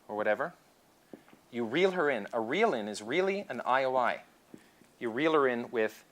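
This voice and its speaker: Male seminar instructor, animated lecturer, acts out scenes mid-talk. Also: medium pitch, normal speed. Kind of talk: lecture to a class.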